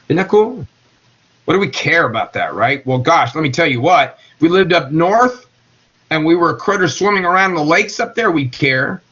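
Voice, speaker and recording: With an expressive voice that's on the high side, fairly bright and slightly rough, a middle-aged chemistry teacher lectures at a moderate pace. He jokes folksily with his students and uses their names, captured in a dull, lo-fi classroom recording.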